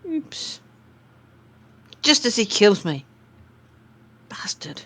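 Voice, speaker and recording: A woman's voice: mid-range voice, measured pace. A woman, playing in a tabletop game and bantering dryly with light swearing. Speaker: player. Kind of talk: casual chat over voice call.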